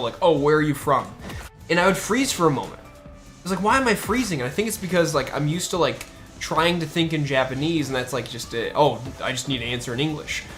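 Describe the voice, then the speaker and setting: A man from the United States chats casually on a stream in a voice on the high side with a fairly bright tone. He rambles, using many fillers and restarting often.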